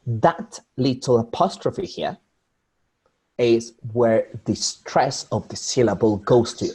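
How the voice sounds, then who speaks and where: In an online English pronunciation lesson, a man with a husky, darkish, medium-pitched voice speaks slowly and deliberately. He repeats example words again and again, often breaking off and restarting phrases as he explains.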